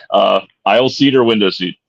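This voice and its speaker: A man's voice: on the low side, vocal fry, dry recording. A man co-hosting a podcast in casual chat, laid-back, swearing and joking as he asks questions. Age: adult. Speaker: podcast co-host asking questions. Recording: dull dry lo-fi sound.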